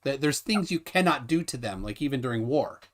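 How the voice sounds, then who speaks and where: A man hosting a casual live stream, joking and rambling with lively, laughing delivery. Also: mid-range voice, brisk. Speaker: livestream host. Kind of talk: casual livestream chat.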